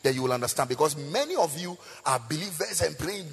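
A man preaching a sermon, chanting in a sing-song voice, rising to shouts, asking the crowd call-and-response questions and breaking into tongues. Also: fairly high pitch, lively intonation, quick pace, creaky, hardly any pauses. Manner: bursts of praying in tongues. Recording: echoey hall with faint music.

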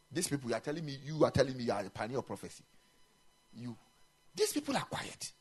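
A man preaches in a chapel, his voice slightly high and husky. He swings widely up and down in pitch as he drives his points home. He slips local-language phrases into his sermon. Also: big pitch swings, fast. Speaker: pastor.

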